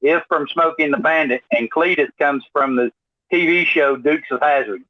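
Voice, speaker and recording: A man with a somewhat high voice explains points in a casual podcast conversation. The sound is dry and dull, with a lo-fi edge. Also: normal speed, no echo. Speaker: podcast co-host. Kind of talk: casual chat.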